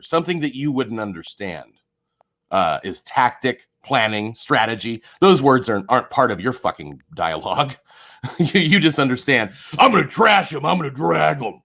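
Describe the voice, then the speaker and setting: Mad streamer dude ranting at a chat, lots of swearing, very up and down. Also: male voice, mid-range voice, sing-song, moderate pace. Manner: angry, swearing, swings between quiet and shouting. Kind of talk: heated livestream rant.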